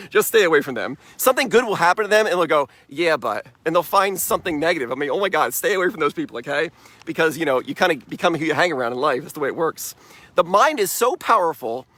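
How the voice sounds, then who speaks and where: A middle-aged man delivering an upbeat motivational talk. His voice sits a little high for a man, and he speaks with emphatic energy and frequent laughs. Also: fairly bright tone, no room sound.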